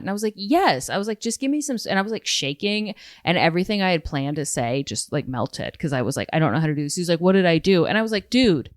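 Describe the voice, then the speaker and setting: Low-ish woman comedian, super animated storytelling, swears a lot, dead dry sound. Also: no echo. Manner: animated, acts out quotes, swears freely. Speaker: guest comedian. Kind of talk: casual podcast storytelling.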